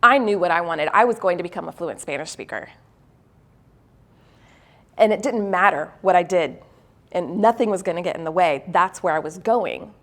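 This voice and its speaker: A motivational speaker at a university event spins a humorous tale about herself, full of laughter and playful self-mockery. For the moral, she shifts gears, speaking more slowly in a low, heartfelt tone.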